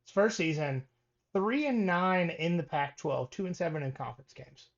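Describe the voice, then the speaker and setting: An animated co-host on a laid-back sports podcast goes through coaching records at normal speed, stumbling with ums and starting over. His voice is slightly high for a man, and the recording is dull lo-fi.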